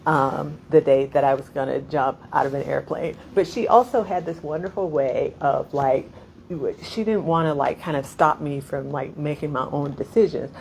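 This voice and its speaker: Middle-aged woman, deep voice, chatty digressive storyteller at a reading, quick to laugh. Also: gravelly, a little mellow, slight background noise, poor audio. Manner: rambling, laughing, many "like" fillers. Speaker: poet.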